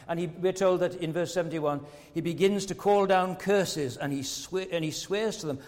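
An earnest male preacher delivering a sermon in a fairly high voice, leaning on rhetorical questions and stumbling over repeated words. His voice carries a long reverb from a big church hall. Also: measured pace, a little mellow.

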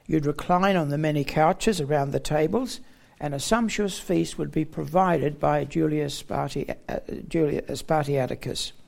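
A man delivers a Bible teaching sermon, walking through a passage and explaining it point by point. His voice sits a little high and has a gravelly, creaky edge. He stresses key words with emphatic rising tones. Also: a little slow, darkish tone. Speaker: preacher.

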